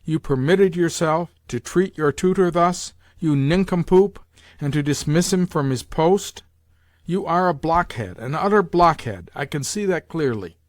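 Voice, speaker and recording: A man's voice: lively intonation, moderate pace, no echo, studio quality, close to an everyday voice. A man putting on a bossy, imperious old grandmother. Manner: loud, sharp, commanding, raised pitch.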